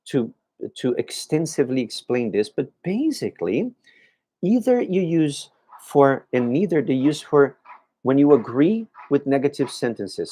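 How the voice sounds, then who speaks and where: A man's voice: mid-range voice, warm tone. Man teaching English on a livestream. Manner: friendly, answers viewer questions by name; models pronunciation of words slowly. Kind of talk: live-streamed language lesson.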